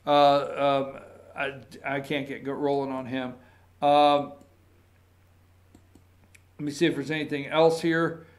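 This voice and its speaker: A man's voice: mid-range voice, level tone, slow, long pauses. A man hosting a political opinion show, talking in a sarcastic, combative, rambling way with many asides. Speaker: political commentary host.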